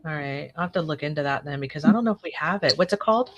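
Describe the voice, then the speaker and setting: A woman's voice: deep voice, expressive, racing. A woman hosting a casual live chat, talking freely and laughing often as she tells stories. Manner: chatty, laughs often, acts out her husband's lines. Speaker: host.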